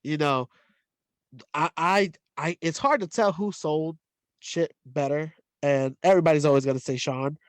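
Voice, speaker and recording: Excitable man in dry podcast chat. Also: on the high side, moderate pace, no room sound. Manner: excitable, laughs often, restarts a lot. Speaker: podcast co-host. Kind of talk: casual chat.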